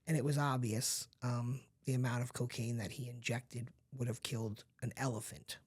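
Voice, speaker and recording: A man's voice: medium pitch, flat delivery, normal speed, darkish tone, slightly rough. Middle-aged man, podcast guest, mid-range voice, candid confiding storytelling, frequent asides to the listener. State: emotional at times.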